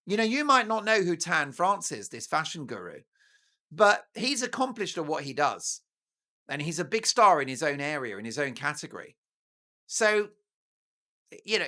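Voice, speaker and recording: A man's voice: high voice, bright, forceful tone. A man giving scornful, indignant commentary in a theatrical manner. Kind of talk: opinionated commentary.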